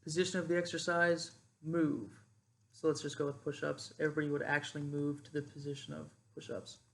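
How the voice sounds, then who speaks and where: Young man, cadet instructor, gravelly voice, slightly high pitch, casual explainer. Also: level tone, fairly quick. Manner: demonstrates loud drill cadence calls between casual explanation.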